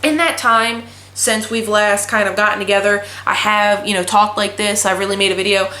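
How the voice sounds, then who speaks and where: A woman's voice: medium pitch, fairly even intonation, moderate pace, bright, forceful tone. A young woman in her twenties vlogging casually, telling a story in a blunt, profane ranting way. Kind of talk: casual chat. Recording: echoey room.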